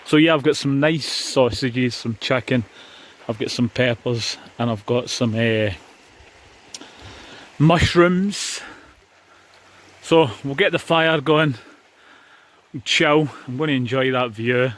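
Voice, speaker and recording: A man's voice: medium pitch, takes it slowly, long pauses, fairly bright tone. A man with a Scottish accent, chatting casually to viewers while wild camping outdoors on a beach. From Scotland. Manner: chatty, addresses viewers as guys. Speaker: vlogger. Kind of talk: casual outdoor vlog chat.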